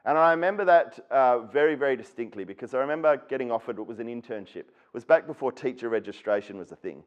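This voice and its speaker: A man's voice: mid-range voice, expressive, quick pace, highs cut off. Earnest Australian man telling a story. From Western Australia. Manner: earnest storyteller who acts out quoted people. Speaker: speaker at an education symposium. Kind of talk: personal storytelling keynote talk.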